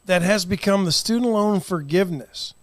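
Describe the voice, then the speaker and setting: Opinionated Texan co-host, dry studio sound. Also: male voice, sits high, no room sound. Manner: opinionated, conversational, quick to laugh. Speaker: talk show co-host. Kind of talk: casual morning talk radio chat.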